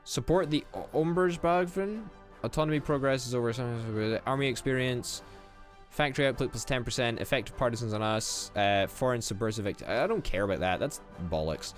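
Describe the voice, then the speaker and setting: A young man casually commenting on a strategy game as he plays, excitable, swearing and thinking out loud. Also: mid-range voice, moderate pace, faint music behind. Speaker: gaming YouTuber.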